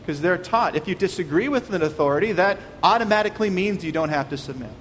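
A man's voice: high-pitched, expressive, fast talker, a bit bright. A man preaching a sermon, earnest and pleading, often stumbling over repeated words. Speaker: pastor. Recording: long reverb, faint noise.

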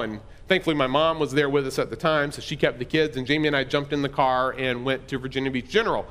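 A man's voice: medium pitch, fairly even intonation, fast talker, hardly any pauses, fairly bright tone. A middle-aged man pastor telling a personal story in a conversational, self-deprecating sermon.

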